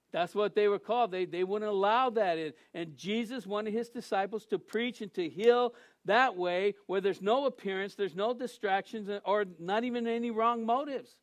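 A man preaching a sermon as a pastor, animated, acting out the people he quotes in shifting voices. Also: sits high, moderate pace, dry recording. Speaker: assistant pastor.

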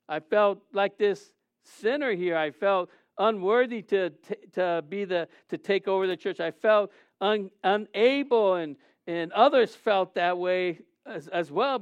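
A middle-aged man preaching a sermon as pastor, his delivery swinging between emotional, raised passages and quiet, subdued confessions. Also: high voice, smooth, no echo, muffled recording. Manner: emotional preaching with rising and falling intensity.

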